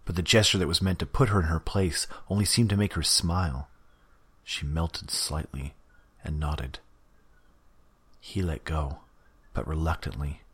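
Deep, husky male audiobook narrator. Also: steady tone, a little slow, long pauses, a bit bright.

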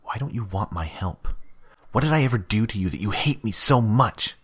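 A man's voice: fairly low pitch, expressive, moderate pace, slightly rough, voice pushed up. A man voicing a fierce, clingy young woman in an audiobook. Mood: hurt.

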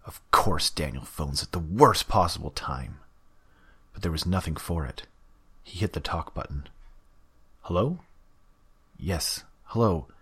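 A man narrating an audiobook in a steady, even reading. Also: a bass voice, normal speed, breathy edge.

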